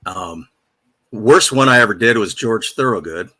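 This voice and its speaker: Veteran male radio DJ, low voice, rambling anecdotes, dry studio sound. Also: animated, a little fast, bright, forceful tone, no room sound. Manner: rambling, self-deprecating anecdotes with many fillers. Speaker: radio DJ guest. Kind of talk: casual storytelling interview.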